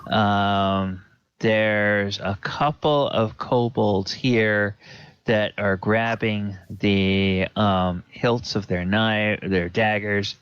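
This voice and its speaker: A man runs a tabletop game in a slow, unhurried narration, hesitating often with ums and restarts. The recording is dry and close, with a dull lo-fi tone. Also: fairly low pitch, steady tone, a bit bright, clear, resonant tone, no echo. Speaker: game master.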